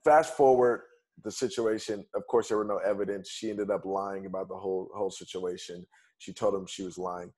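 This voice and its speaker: Guy with a lowish voice telling a story on a podcast, chatty, keeps it moving, says "fast forward" a lot. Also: steady tone, darkish tone. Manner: conversational, retells events in quick steps with "bam" and "fast forward". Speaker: podcast guest. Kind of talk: casual personal storytelling.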